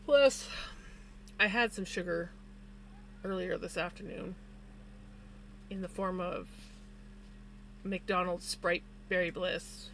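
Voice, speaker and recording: A woman's voice: lowish voice, fairly even intonation, slow pace, pauses often, a bit bright, a little hiss or hum. A woman streamer chatting casually with her viewers while she crochets, greeting them by name and yawning now and then. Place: home room with a fan. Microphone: desk microphone.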